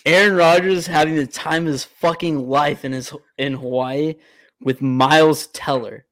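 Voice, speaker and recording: A young man, co-hosting a casual sports podcast, telling stories with animated, profane energy. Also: on the high side, a little slow, dry recording. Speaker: podcast co-host.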